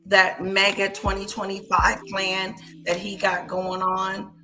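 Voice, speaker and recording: A woman's voice: mid-range voice, monotone, slow pace, music in the background, low-quality recording. A woman hosting a live stream, giving casual commentary and repeating her points for emphasis.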